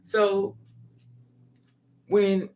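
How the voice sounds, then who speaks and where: Extremely slow and completely flat, this vlogger's high-pitched voice has a darkish tone. He tells candid personal family stories straight to camera in a monologue that's blunt, profane, and emphatic, with frequent asides.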